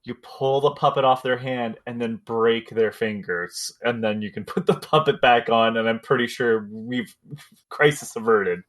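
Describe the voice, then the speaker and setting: A man's voice: mid-range voice, moderate pace, fairly bright tone. Man, gaming podcast co-host, wry joking tone, casual chat.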